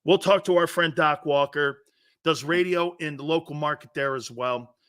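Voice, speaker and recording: Brash male sports radio host, fast-swinging opinions, bright forceful tone, higher-pitched voice. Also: smooth. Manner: brash, excitable, laughs often, needles his co-hosts. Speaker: sports talk show host.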